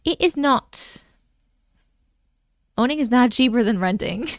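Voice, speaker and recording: Slow-talking, smooth-voiced playful woman host. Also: fairly high pitch, animated, dry recording, studio quality. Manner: playful, chatty, talks to herself. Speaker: host reading viewer stories. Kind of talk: casual livestream chat.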